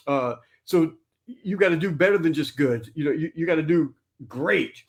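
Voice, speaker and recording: A man giving blunt, animated motivational talk in a casual conversation. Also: fairly high pitch, normal speed.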